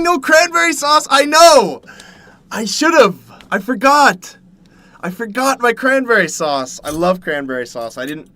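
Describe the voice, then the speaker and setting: A man from Canada, streaming casually from home while eating, jumping from loud yelps to low mumbles. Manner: excitable, jumps to loud yelps then mumbles. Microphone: desk mic, no headset.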